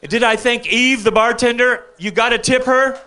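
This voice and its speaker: A man's voice: very high voice, normal speed, sharp tone, slight background noise. An older man doing rambling stand-up stories at an open mic on a bar stage, often checking in with the crowd. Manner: chatty, keeps checking in with the crowd.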